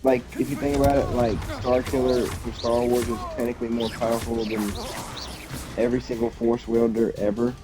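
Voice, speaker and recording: A man's voice: mid-range voice, little pitch movement, a little fast, music in the background. A young man streaming a video game live, chatting casually in a loose, profane, rambling way and laughing often. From United States. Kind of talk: casual live-stream chat while gaming.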